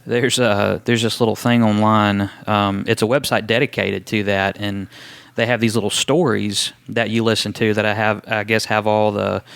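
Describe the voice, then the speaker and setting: A man, a wrestler telling his story in a casual interview, relaxed and rambling with many ums and restarts. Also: fairly low pitch, normal speed, vocal fry, clear, resonant tone, no echo. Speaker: wrestler guest.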